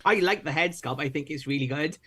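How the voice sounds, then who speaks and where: A man co-hosting a live stream, chatting in a relaxed, measured way with fillers. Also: on the high side, husky. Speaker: co-host. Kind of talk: casual live-stream chat.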